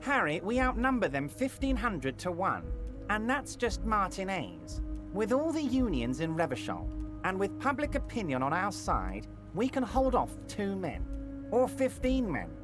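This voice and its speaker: An actor playing a jovial, scheming, heavyset male union boss in a video game, speaking in a booming, self-assured, sweeping way. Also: wildly swooping pitch, unhurried, heavily acted. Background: game music.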